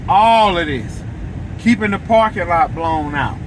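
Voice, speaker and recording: A man telling an excitable, repetitive story to viewers from his vehicle. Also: high-pitched, a little slow, noisy background. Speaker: lawn care business owner. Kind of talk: casual storytelling vlog. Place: vehicle, driving outdoors.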